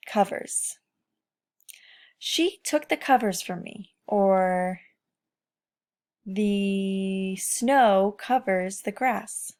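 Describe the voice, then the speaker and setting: A woman teacher giving a remote lesson to young children in a slow, encouraging, sing-song voice. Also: medium pitch, a little mellow.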